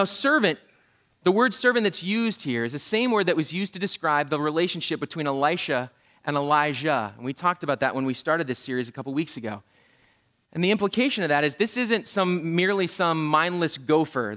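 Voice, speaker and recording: A man's voice: high voice, fairly bright tone. A man preaching a sermon to a congregation, telling the story with humor, jokey asides and acted-out voices. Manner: humorous, self-deprecating asides. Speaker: pastor.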